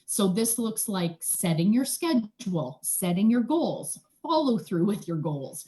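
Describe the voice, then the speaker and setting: A woman talks as a guest in a relaxed interview, walking through ideas in a chatty, conversational way. She keeps tagging her points with a quick "right?" and moves into lively asides. Her voice sits at an ordinary middle pitch. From Canada. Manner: chatty, often tags "right?", animated asides. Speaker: energy healer, guest. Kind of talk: casual explanatory interview talk.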